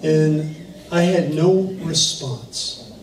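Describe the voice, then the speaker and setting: Man, pastor, storytelling sermon, high voice, echoey hall, mic set back. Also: very slow. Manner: storytelling, animated, with laughs. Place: church sanctuary. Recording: echoey room from far off, faint noise.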